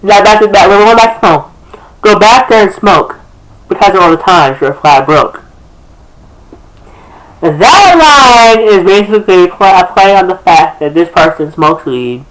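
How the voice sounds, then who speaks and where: A young man with a notably high speaking voice chats straight into his camera. He rambles sassily through his own lyrics, calling people girl and restarting his sentences. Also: animated, measured pace, fairly bright tone, poor audio. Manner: sassy and chatty, calls people girl, many restarts. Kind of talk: casual rambling commentary to camera. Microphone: camera facing him.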